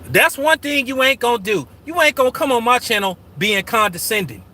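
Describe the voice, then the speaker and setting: A man's voice: extremely high pitch, animated, fairly quick, pushed and bright. A man hosting his own channel in casual livestream talk, profane and combative. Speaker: channel host.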